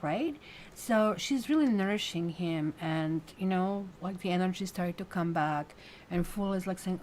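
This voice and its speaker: A woman's voice: lowish voice, normal speed, a little mellow, slight background noise. Chatty woman doing a tarot reading. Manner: chatty, filler-heavy, coos to her cat. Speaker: tarot reader. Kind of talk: casual weekly tarot reading.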